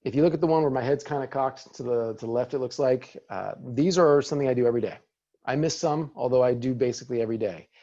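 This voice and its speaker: Upbeat guy running a video call training, warm relaxed tone, kinda muffled webinar sound. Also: medium pitch, fast talker. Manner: upbeat, encouraging, conversational. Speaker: real estate team leader giving a video training. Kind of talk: casual webinar presentation.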